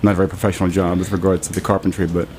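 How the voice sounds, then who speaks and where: A man with a very low voice talks quickly and loosely as a podcast guest. He rambles through his answers with easy filler phrases, and faint noise sits underneath. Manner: relaxed, rambling, says "you know" often. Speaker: guest, cinema co-founder. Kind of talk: casual interview answers.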